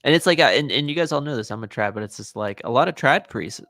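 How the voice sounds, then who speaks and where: A man co-hosting a podcast in casual, animated chat, getting louder and higher as he gets excited. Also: fast talker, no room sound, studio quality. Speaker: podcast co-host.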